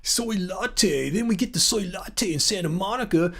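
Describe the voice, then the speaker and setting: A man in his fifties slips into a laid-back Californian dude with an exaggerated Californian accent. The voice is high and gravelly. He drawls out the freeway directions in a slow, sing-song way. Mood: drawling.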